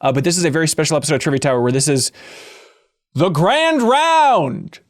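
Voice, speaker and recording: A man hosting a games podcast in a playful, jokey way, breaking into sudden excited whoops. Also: medium pitch, rapid-fire, no echo, clean studio sound. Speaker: podcast host.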